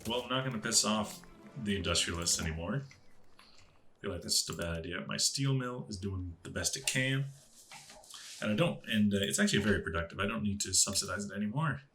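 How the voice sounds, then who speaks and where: A man's voice: on the low side, lively intonation, brisk, bright, forceful tone, soft background music. A man casually talking himself through a strategy game, musing aloud with puzzled asides. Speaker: gaming channel host.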